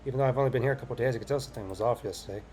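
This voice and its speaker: A man's voice: mid-range voice, racing, darkish tone, faint music behind. A man hosting a game playthrough, reading the story aloud and joking casually between scenes. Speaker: let's play host.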